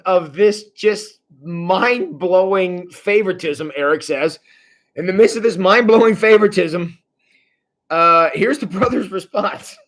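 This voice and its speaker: A man's voice: sits high, a bit bright. A man leading a livestreamed church Bible study in a casual, wry way, often restarting his sentences and chuckling.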